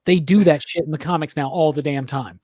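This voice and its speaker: A man with a notably high speaking voice hosts a laid-back podcast conversation. He talks in an animated, blunt way and drops curse words freely. The sound is dry and close. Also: a little fast, no room sound. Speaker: podcast host. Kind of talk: casual chat.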